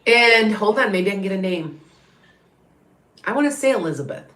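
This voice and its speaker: A woman's voice: mid-range voice, lively intonation, normal speed, a bit bright. A woman psychic medium talking casually and rambling, with many fillers and restarts as she gives a reading. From American Midwest. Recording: echoey room.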